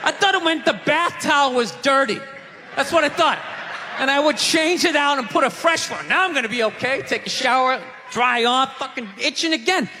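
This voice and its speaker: A man doing a stand-up set on a theater stage, ranting in a loud, exasperated way into a handheld mic. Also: very high-pitched, expressive, moderate pace. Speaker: stand-up comedian. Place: theater stage before a live audience. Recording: live theater recording with audience noise and reverb.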